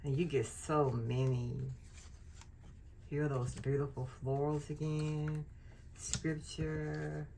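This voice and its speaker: A woman's voice: sits low, level tone, slow, warm tone, a little hiss or hum. A woman hosting a casual unboxing vlog, gushing over craft and faith supplies. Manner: gushing, effusive. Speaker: channel host.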